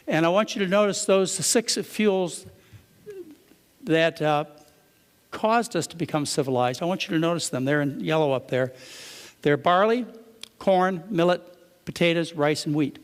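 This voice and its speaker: A man's voice: high voice, in a large hall. A man giving a conversational lecture to a live audience, often asking them rhetorical questions.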